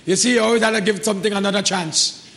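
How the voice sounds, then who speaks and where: A man's voice: high-pitched, steady tone, fast, fairly bright tone. A man with a Trinidadian accent hosting a live call-in talk show, encouraging and repeating himself. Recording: reverberant studio sound.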